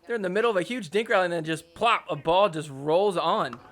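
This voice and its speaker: A man with a notably high voice runs through match clips as a podcast host. He talks in an excitable, joking way and swears freely as he points out the action. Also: fairly quick, a little hiss or hum. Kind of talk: recap commentary over match clips.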